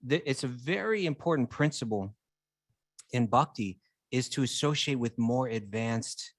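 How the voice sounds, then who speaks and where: A man's voice: medium pitch, lively intonation, a little slow, no room sound. A man co-hosting a casual spiritual chat, earnestly explaining his ideas and building his points step by step. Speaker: co-host.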